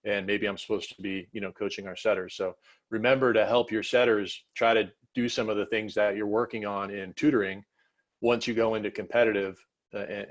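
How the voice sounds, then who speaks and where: A man hosting a coaching video call, talking casually and rambling a little as he sets up questions. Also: fairly low pitch. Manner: casual, rambling, self-correcting. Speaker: host and volleyball coach. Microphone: video call mic.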